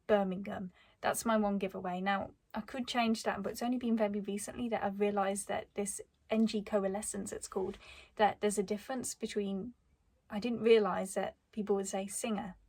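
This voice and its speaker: A woman's voice: mid-range voice, darkish tone. Young woman with a mild Black Country accent. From Black Country, England. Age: 20s. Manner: chatty, thoughtful, laughs lightly between points. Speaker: vlogger. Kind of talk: casual talk to camera.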